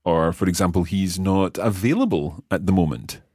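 A man's voice: low-pitched, normal speed, mellow, slightly rough, no room sound, clean studio sound. A man teaching a podcast language lesson, explaining patiently step by step and quizzing his learner.

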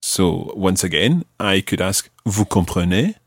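A man hosting a podcast language lesson, patiently prompting a learner and slowing down for example phrases. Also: low-pitched, sing-song, breathy edge, no echo, studio quality. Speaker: language teacher and podcast host.

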